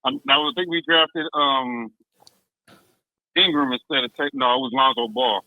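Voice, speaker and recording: A man calling in to a podcast, arguing in a heated, animated, slangy way. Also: mid-range voice, a little slow, no room sound, phone-quality sound. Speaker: caller. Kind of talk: casual call-in chat.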